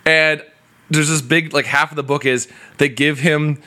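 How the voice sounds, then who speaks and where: Brief: man telling a long story loosely in comic podcast banter, bright and crisp. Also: on the high side, fairly even intonation, a little slow. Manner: rambling storyteller with many fillers and restarts. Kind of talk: casual comedic chat.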